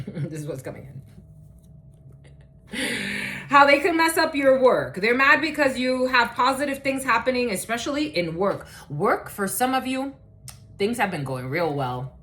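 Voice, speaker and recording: A woman talks through a collective tarot reading in a loose, chatty way, her pitch rising and falling a lot. She curses casually and fills her pauses with "uh" and "okay.". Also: animated, a bit bright. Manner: chatty, swears casually, many fillers. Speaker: tarot reader.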